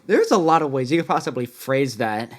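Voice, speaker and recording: A man's voice: mid-range voice, sing-song, fairly quick. A man hosting an album reaction, casually musing aloud about the guitar parts and lyrics he hears. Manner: musing, comments on guitar parts between songs.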